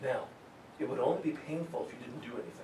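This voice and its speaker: A man teaching a real estate sales seminar to a live audience, energetic and joking, often laughing at his own stories. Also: mid-range voice, very fast, noisy background. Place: meeting room with a live audience. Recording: echoey room, mic far off.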